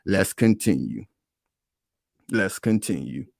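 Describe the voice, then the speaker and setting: Man doing a reaction video, aave, fired up, keeps pausing the clip and saying y'all, dry close sound. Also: low-pitched, sing-song, creaky, a little mellow, no room sound. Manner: emphatic, repeats points, talks to viewers as "y'all". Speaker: commentary host reacting to a news clip. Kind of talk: reaction commentary.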